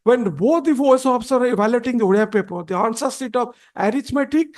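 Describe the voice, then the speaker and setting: A man arguing a case before a judge, halting and deferential, with many restarts and repeated "my lords.". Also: extremely high pitch, a little mellow. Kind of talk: courtroom argument.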